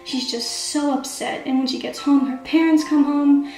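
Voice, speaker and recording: A woman's high, darkish voice with fairly even intonation moves at normal speed as she casually recaps her own story's plot. An amateur writer, she chats with constant "like" and "kinda" fillers, and the recording has an echoey room and faint background music.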